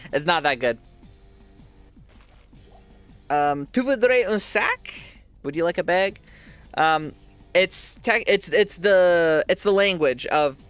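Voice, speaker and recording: A man's voice: on the high side, fairly bright tone, clear, resonant tone. A man streaming a game, giving casual commentary while chatting with his viewers, joking at his own expense and laughing often.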